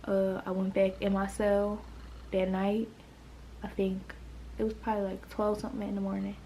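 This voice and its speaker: A woman's voice: medium pitch, monotone, moderate pace, dark tone, slight background noise, poor audio. A woman in her late teens from the United States, telling an emotional storytime in a rambling way, full of "like". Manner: emotional, rambling, heavy use of "like". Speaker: vlogger. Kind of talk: storytime vlog.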